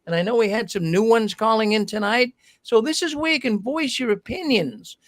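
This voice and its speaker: Gravelly high-voiced male call-in host. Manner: friendly, rambling with restarts. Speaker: show host. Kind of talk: casual call-in show hosting.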